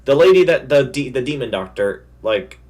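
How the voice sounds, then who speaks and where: A young man talking casually about an anime, with lively, swinging intonation. He swears freely and laughs between points in a loose, animated way. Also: mid-range voice, moderate pace. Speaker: co-host. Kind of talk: casual anime review chat.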